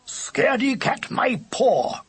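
Male narrator playing a big indignant storybook dog, bluster and husky bark. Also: on the high side, huge pitch swings, slow, a bit bright, exaggerated voice. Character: blustery, proud male dog, slow on the uptake.

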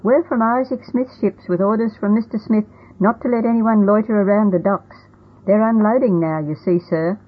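A polite, deferential sailor addresses his superior with care, as a woman reads him. The voice is husky and raised above the reader's usual pitch. The recording is thin and phone-like. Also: moderate pace, close to an everyday voice. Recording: tinny phone-like audio.

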